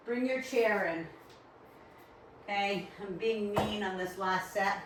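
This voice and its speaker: A woman's voice: medium pitch, takes it slowly, background noise. A woman with a Rhode Island accent coaching a live workout class, upbeat and encouraging as she counts reps. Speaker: fitness instructor. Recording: very echoey room, far from mic.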